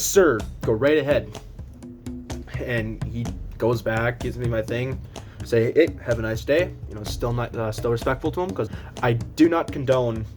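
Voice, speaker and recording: A young man telling a casual storytime vlog, rambling with restarts and fillers, and acting out the other people's voices. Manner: acts out quoted voices, squeaks high when panicked. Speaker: vlogger.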